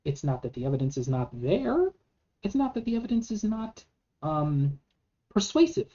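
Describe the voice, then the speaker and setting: A woman's voice: medium pitch, very animated, normal speed, dark tone, highs cut off. A woman giving an earnest, argumentative monologue to camera, with many rhetorical questions and frequent restarts. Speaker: vlogger.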